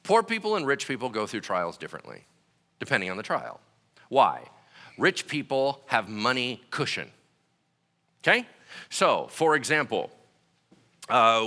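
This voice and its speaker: Bright animated preaching man. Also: medium pitch, measured pace, long pauses. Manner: acts out voices in quoted asides; rhetorical "right?" checks with listeners. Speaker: pastor. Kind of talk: conversational sermon.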